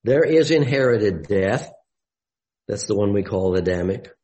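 A man giving a Bible study sermon, deliberate and explanatory, with emphatic rises on key words. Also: fairly low pitch, animated, a little mellow, low-quality recording.

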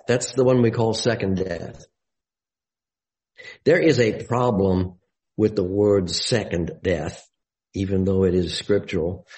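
A man giving a Bible study sermon, deliberate and explanatory, with emphatic rises on key words. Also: fairly low pitch, a little mellow, low-quality recording.

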